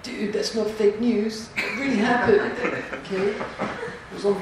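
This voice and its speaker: At a live storytelling event, a man with a high-pitched, fairly even, unhurried voice reads a rhyming picture book aloud, playfully joking between pages and laughing often. The room is echoey, the mic distant, and there's background noise.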